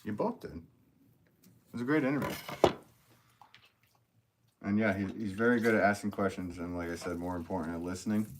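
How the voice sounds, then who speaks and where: A man's voice: fairly low pitch, a little fast, pauses often, noisy background. A man hosting a casual live stream, reading viewer comments aloud, chatty and upbeat, thanking people and laughing often.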